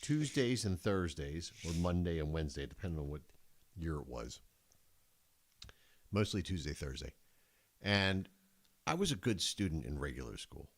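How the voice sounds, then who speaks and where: A middle-aged man with a very low voice that still swings widely in pitch. He chats casually on a podcast and drops wry, teasing remarks. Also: sing-song, normal speed, pauses often. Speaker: podcast co-host. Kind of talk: casual chat.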